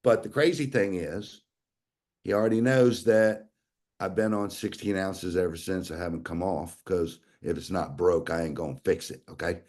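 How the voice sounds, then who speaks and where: A man telling a story in a folksy, animated way over a video call, acting out the dialogue he quotes. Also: low voice, normal speed. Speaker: guest sharing a testimonial. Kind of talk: casual storytelling.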